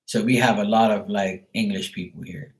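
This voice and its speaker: A man's voice: fairly low pitch, fairly even intonation, moderate pace, poor audio. A man from Bermuda with a Bermudian accent, chatting loosely on a live stream, full of "like" and casual swearing. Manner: loose and rambling, heavy on "like", swears freely. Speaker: tarot reader, live streamer.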